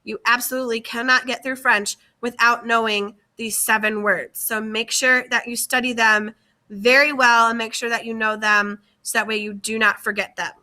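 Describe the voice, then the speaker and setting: A woman's voice: fairly high pitch, flat delivery, normal speed, pushed and bright. A woman teacher giving a slide-based lesson, speaking carefully and repeating key words for her students. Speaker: French teacher.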